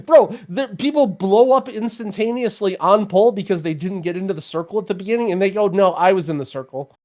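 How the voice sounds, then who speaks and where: A man's voice: high voice, quick pace, darkish tone. A young man co-hosting a gaming podcast, ranting in casual chat with lots of restarts and fillers. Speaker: podcast co-host.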